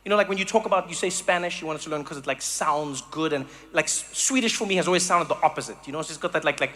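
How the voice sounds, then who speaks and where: A man from Africa, doing a stand-up comedy set with animated storytelling that slips into mock voices. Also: fairly high pitch, quick pace, a little hiss or hum. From South Africa.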